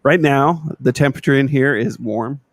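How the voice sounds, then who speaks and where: A man's voice: mid-range voice, moderate pace, dry recording, clean studio sound. A man on a casual podcast, talking in a practical, matter-of-fact way.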